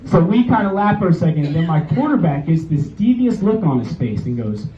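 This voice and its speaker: Telling a loose, profane story and laughing at his own material, a twenty-something comedian works a small bar stage in a higher voice with big pitch swings, talking a little fast. Crowd reactions and slight background noise come through a roomy, distant, dull live recording.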